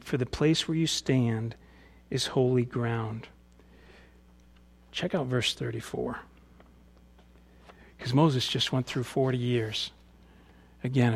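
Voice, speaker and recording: A man's voice: medium pitch, darkish tone. A male pastor preaching a sermon, reading scripture and explaining it in a conversational way, often dropping into casual paraphrase.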